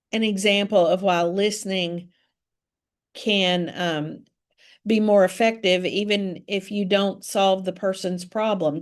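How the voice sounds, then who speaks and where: A woman leading a webinar training session, telling stories calmly and gently, with frequent fillers. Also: medium pitch. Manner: gentle, calm storytelling with many fillers. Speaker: trainer on de-escalation.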